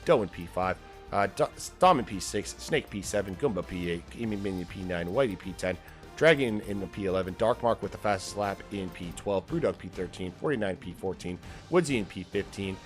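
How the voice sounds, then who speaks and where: A man's voice: deep voice, lively intonation, fairly quick, faint music behind. A man commentating a sim racing league and interviewing drivers, casual, laughing and swearing freely, at a home streaming setup.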